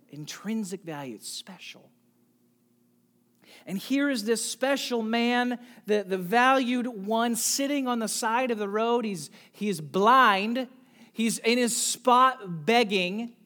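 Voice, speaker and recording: A pastor preaching a sermon, asking the congregation direct questions and swinging from soft near-whispers to loud emphatic calls. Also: mid-range voice, slow.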